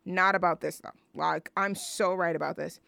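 A woman's voice: on the low side, fairly even intonation, normal speed, creaky, pushed and bright, dry recording. A young woman hosting a radio show, chatting casually and rambling between songs with lots of fillers.

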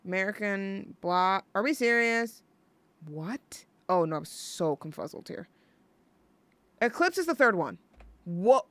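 A woman's voice: medium pitch, animated, slow pace, long pauses, fairly bright tone, no room sound. A young woman hosting a college radio show, chatting on her own in a rambling, gushing way full of fillers and restarts. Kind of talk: casual solo radio chat.

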